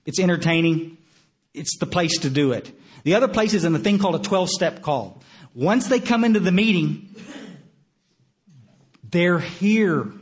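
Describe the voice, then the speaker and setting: Older guy with a high voice, blunt folksy storytelling at a recovery meeting, stumbles and restarts a lot. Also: lively intonation, normal speed, pauses often. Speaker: recovery speaker. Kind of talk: recovery meeting talk to an audience.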